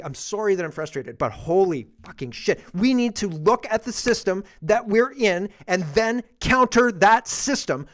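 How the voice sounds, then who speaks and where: A man from Canada hosting a political talk show, ranting in a frustrated, profane way with emphatic repetition. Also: very high voice. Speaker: show host.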